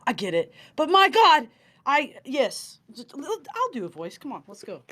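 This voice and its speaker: Emphatic podcast guy, keeps repeating himself, pretty animated. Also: extremely high pitch, measured pace. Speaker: podcast co-host. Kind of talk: casual podcast chat.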